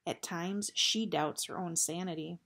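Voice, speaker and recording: A woman's voice: fairly low pitch, steady tone, unhurried, fairly bright tone. Woman voicing Eris, a grave, formal male bat. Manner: formal, stiff speech without contractions. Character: grave guilt-ridden male bat warrior.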